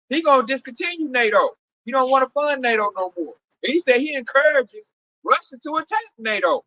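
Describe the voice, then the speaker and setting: A man's voice: very high-pitched, sharp tone, recorded from a distance, lo-fi sound, a little hiss or hum. A man giving a street-style sermon commentary, talking in slang and acting out other people's voices as he quotes them. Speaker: preacher.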